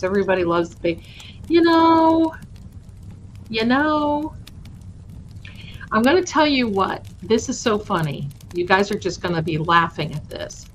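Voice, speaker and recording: A woman's voice: on the low side, noisy background. A woman hosting a casual livestream giveaway, chatty and affectionate with her viewers. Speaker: host of a tarot channel livestream.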